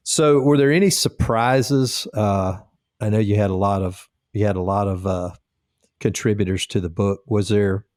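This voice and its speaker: A man hosting a podcast interview, asking questions in a halting way as he searches for words. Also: sits low, darkish tone, no room sound, clean studio sound. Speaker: podcast host.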